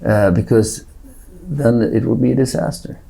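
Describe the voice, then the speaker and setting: Older Swedish man, dark halting voice. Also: mid-range voice, creaky, breathy edge. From Sweden. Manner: halting, many restarts and repeated words. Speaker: guest actor. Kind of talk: podcast interview.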